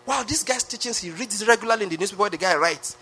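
A man's voice: sits high, quick pace, bright, forceful tone, a little hiss or hum. A man preaching a sermon, emphatic, with lots of repetition and rhetorical questions. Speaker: pastor.

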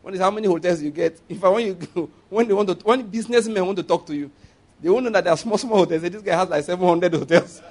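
High-voiced Nigerian preacher. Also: male voice, racing, darkish tone. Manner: conversational, call-and-response, laughing asides. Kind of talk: sermon.

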